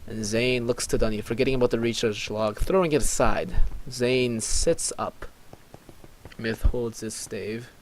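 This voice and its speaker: Slow-talking, chuckling let's play guy. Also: mid-range voice, a little hiss or hum. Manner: laid-back, chuckling, reads out chat. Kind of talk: casual game commentary.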